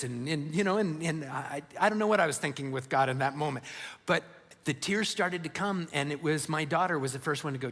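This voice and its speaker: A middle-aged man preaches in a slightly raised, husky voice. He tells a personal story earnestly, swelling with feeling. His sermon rings out with the long reverb of a church hall. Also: on the high side, moderate pace, a bit bright. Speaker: pastor.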